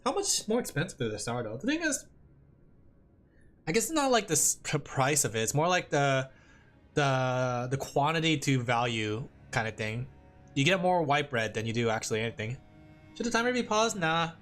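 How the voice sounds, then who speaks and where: A woman streamer chatting casually and rambling with lots of fillers, excitable and quick to laugh. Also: a bass voice, faint music behind. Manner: excitable, breaks into laughs and shouts. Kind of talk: casual live-stream chat.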